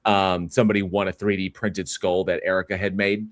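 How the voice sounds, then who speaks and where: Low-voiced man chatting on a livestream. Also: level tone, fairly quick, no echo. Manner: rambling, reads chat aloud, many fillers and restarts. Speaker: livestream host. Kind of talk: casual livestream chat.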